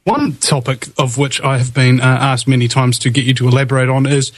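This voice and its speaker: A man's voice: medium pitch, fairly quick, dry recording, poor audio. A man hosting a talk show, chatting loosely with many fillers and jokes. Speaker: radio show host.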